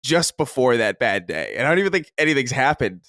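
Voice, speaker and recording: A man co-hosts a casual podcast chat, rambling along with plenty of fillers. His voice sits at an average pitch. The recording is dry and close. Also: sing-song, brisk, fairly bright tone, no echo. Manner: chatty, rambling with many fillers. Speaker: podcast co-host.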